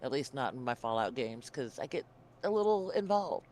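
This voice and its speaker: A man co-hosting a gaming podcast, chatting casually and upbeat, quick to laugh. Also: medium pitch, big pitch swings, darkish tone, slight background noise. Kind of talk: casual chat about a game.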